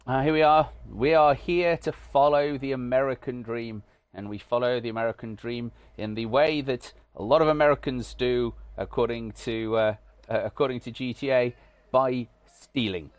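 A British man from the UK chats through a game with dry, self-mocking humour, stopping often on "uh". His voice sits at an ordinary middle pitch. The sound is dead and close, with no room around it. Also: normal speed, dry recording. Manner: dry, wry and self-deprecating, with frequent "uh" fillers. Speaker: gaming channel host. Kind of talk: casual gameplay commentary.

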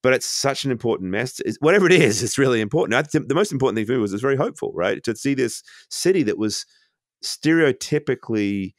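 A man speaking as a podcast guest from his home, talking in a reflective, halting way with many restarts. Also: medium pitch, animated, no room sound, studio quality. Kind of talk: casual conversation.

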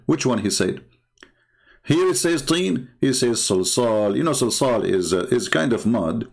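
Man, gravelly creaky voice, arguing loosely with lots of uh and restarts. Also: medium pitch, expressive. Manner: argumentative, halting, many fillers and restarts. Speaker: religious commentator. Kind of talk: unscripted screen-share talk.

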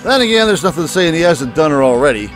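A man's voice: on the high side, sing-song, fast, fairly bright tone, soft background music. A man voicing a crude, taunting inner voice. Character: young man's dark mocking inner voice.

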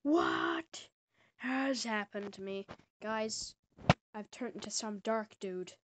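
A woman giving casual gameplay commentary, excitable and prone to loud exclamations, with quiet muttered asides. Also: mid-range voice, slow, a little hiss or hum. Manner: excitable, bursts into exclamations and laughs. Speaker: gamer.

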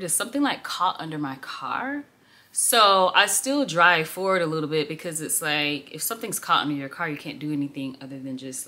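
A woman's voice: on the low side, pushed and bright. A young woman in her twenties telling a rambling storytime in a chatty way, full of "like", while doing her makeup. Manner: chatty, rambling, heavy use of "like". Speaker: beauty vlogger. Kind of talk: casual get-ready-with-me storytime.

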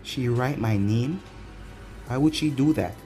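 A man's voice: mid-range voice, unhurried, warm tone, soft background music, close to an everyday voice. A man voicing a troubled young male ninja leader who talks in a brooding, questioning way.

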